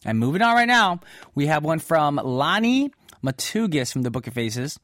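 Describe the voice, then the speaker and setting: A man's voice: fairly high pitch, sing-song, normal speed, fairly bright tone, dry recording. A man hosting a radio show in casual, playful chat, dropping easy asides as he reads listener messages. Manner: chatty and playful, with many "mm-hmm" and "y'all" asides. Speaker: radio host.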